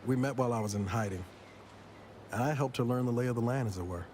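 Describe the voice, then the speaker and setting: A man's voice: mid-range voice, fast, darkish tone, a little hiss or hum, natural voice. A man playing a weary male space agent, speaking in a dry, wry, reflective way in game dialogue. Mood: wistful. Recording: game audio with music behind.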